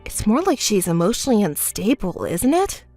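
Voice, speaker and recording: A woman narrating a texting story in a calm, dry, reproachful manner. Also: mid-range voice, moderate pace, music in the background. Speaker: narrator voicing the calm friend.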